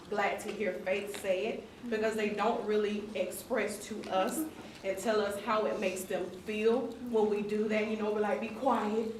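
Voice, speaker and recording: A woman's voice: medium pitch, slight background noise. A mother speaks sincerely and apologetically at a community forum. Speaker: mother in audience. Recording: echoey hall, distant mic.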